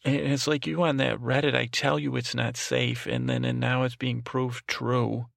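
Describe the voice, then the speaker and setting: A cranky, suspicious old grandmother, put on by a man in a podcast bit, wanders from one half-thought to the next, trailing off with "I don't know." The voice is deeply gravelly and full of fry, sitting at an ordinary middle pitch. It is recorded close on a bone-dry studio mic with no room sound. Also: flat delivery, normal speed, no room sound. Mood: rambling. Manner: meandering, trails off, frequent restarts and "I don't know". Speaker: podcast host. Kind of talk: comic improvised monologue.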